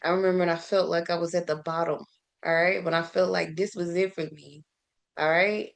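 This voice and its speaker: Gravelly-voiced woman giving casual devotional talk. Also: on the low side, fairly even intonation, brisk. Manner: conversational and preachy, asks rhetorical questions, laughs often; repeats words and restarts often. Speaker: faith and self-care vlogger.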